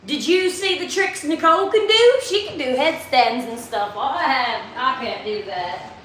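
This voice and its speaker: A woman's voice: high voice, lively intonation, a little slow, fairly bright tone, far from the mic, slight background noise. Chatty woman in an echoey room. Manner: chatty, joking, swears casually. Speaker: vlogger. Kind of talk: casual chat while painting. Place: empty house kitchen.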